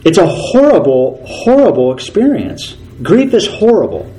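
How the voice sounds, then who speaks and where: A man preaching a sermon as a pastor. He talks earnestly, repeats key phrases for emphasis and slows down when he reads scripture. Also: sits high, very animated, mellow, a little hiss or hum, poor audio.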